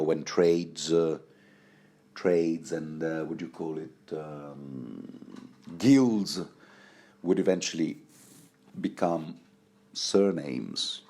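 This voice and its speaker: Male podcast host, low voice, slow, rambling, self-deprecating, recorded at home. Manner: rambling, hesitant, self-deprecating, lots of restarts. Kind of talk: rambling book commentary.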